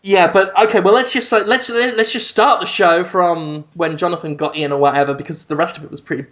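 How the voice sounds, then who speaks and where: A man hosting a casual comedy podcast, making wry, quick asides and laughing often. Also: high-pitched, steady tone, a bit bright. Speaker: podcast host. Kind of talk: casual chat.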